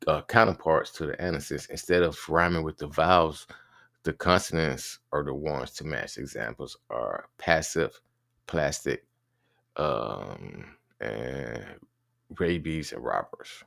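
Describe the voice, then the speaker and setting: A man with an extremely low, gravelly voice talks through an informal lesson. He stops and restarts often and spells words out letter by letter. The sound is dry, with no room echo. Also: a bit bright. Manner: halting, with many fillers and restarts, spelling words out. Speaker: teacher explaining rap rhyme schemes.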